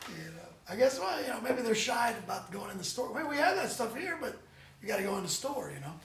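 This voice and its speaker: A man, a band member guest, chatting casually in an interview as an animated, rambling storyteller with many restarts. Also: extremely high pitch, fast talker, gravelly, noisy background. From United States. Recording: roomy echo, distant mic.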